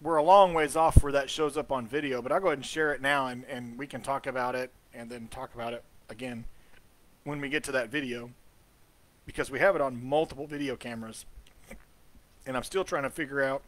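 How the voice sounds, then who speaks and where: A man's voice: mid-range voice, steady tone, brisk. A man hosting a casual live commentary over ghost-hunt footage, chatty and trailing off with fillers. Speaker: host.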